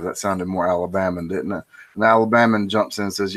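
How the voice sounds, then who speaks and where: A man with a fairly low voice hosts a relaxed monologue. He rambles through a joke with restarts and asides about his own delivery. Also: a little fast. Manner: rambling, with restarts and self-commentary. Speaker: host. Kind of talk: casual monologue telling a joke.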